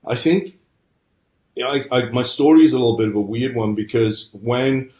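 A man's voice: mid-range voice, normal speed, darkish tone. A middle-aged man earnestly telling his personal story as a podcast guest. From United Kingdom. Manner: earnest storytelling, frequent restarts. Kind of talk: personal testimony. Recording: roomy echo.

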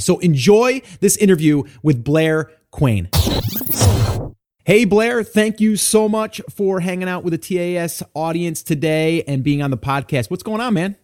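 A man hosts a podcast in a casual, upbeat way. His voice sits a little high for a man, and he keeps the conversation light. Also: darkish tone. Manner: upbeat, laughs easily. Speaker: podcast host.

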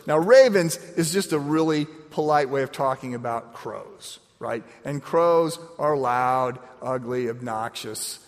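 A middle-aged man preaching a sermon, telling stories with lively, animated swings in his voice. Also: medium pitch, a little slow, few pauses. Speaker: pastor. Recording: long reverb of a large hall.

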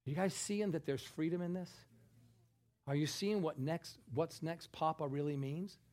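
A man preaching a sermon, chatting with the congregation in asides and building to emphatic, forceful passages. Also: fairly high pitch, normal speed.

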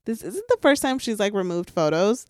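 A woman's voice: medium pitch, very animated, moderate pace, a little mellow, no echo, studio quality. A young woman co-hosting a podcast, casually recapping reality TV gossip in a chatty, filler-heavy way. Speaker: podcast co-host.

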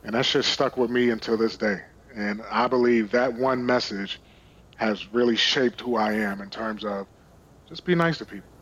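A man's voice: lowish voice, normal speed, fairly bright tone, slightly rough, lo-fi sound. A man from Brooklyn, a podcast guest telling stories in a candid, casual way and swearing freely. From Brooklyn, New York. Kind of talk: casual storytelling.

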